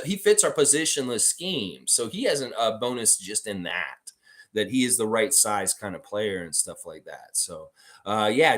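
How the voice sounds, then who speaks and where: A man's voice: on the low side, a bit bright. A man hosting a casual live stream, rambling and reading viewer comments aloud. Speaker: livestream host.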